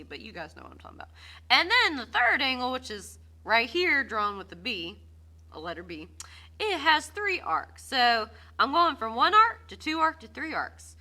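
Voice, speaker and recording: A woman's voice: a little high, pushed and bright. A woman teaching a recorded geometry lesson, bubbly and self-deprecating, cheering on her students. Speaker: math teacher.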